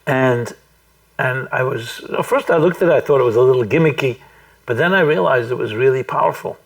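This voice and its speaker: A man, a rabbi, telling a story to a live group, speaking thoughtfully and deliberately with frequent restarts. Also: medium pitch, creaky, recorded from a distance, poor audio. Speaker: rabbi giving a talk. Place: room with a small audience.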